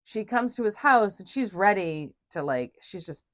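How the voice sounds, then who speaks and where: A woman in mid pitch talks eagerly in a relaxed film chat and slips into the characters as she retells scenes. Her voice is close and dry, with no room sound around it. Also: normal speed, no room sound. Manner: chatty, enthusiastic, acts out film scenes. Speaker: podcast co-host. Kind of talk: casual film discussion.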